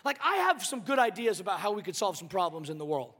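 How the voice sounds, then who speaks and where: A male pastor delivers a sermon in a lively, conversational, joking manner. His very high, bright voice carries through a hall with a long reverb. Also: fast talker, husky.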